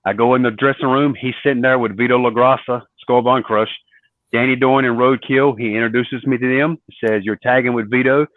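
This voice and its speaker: A man spins long stories in an interview and slips into the voices of the people he quotes. His voice sits at a middle pitch. The sound is tinny and dry, like a phone line. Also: fairly quick, dry recording. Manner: animated storyteller acting out quoted dialogue. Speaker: guest, former wrestler. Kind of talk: storytelling interview.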